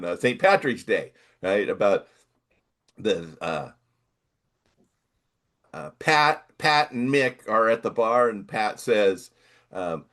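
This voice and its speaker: An older man co-hosting a casual chat, rambling and reading text aloud in halting bits. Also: medium pitch, fairly bright tone. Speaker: podcast co-host.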